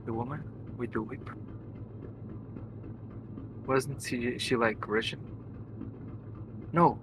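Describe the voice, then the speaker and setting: A man chatting off to the side during a game stream, asking quiet, hesitant questions. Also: medium pitch, steady tone, takes it slowly. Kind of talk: casual chat. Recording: off-mic with noticeable noise.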